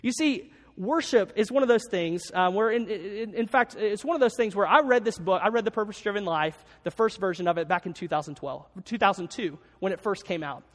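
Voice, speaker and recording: Man, pastor, high voice, relaxed sermon, repeats main points, church sanctuary, long hall reverb. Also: fairly quick, few pauses. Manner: conversational, repeats key lines for note-taking.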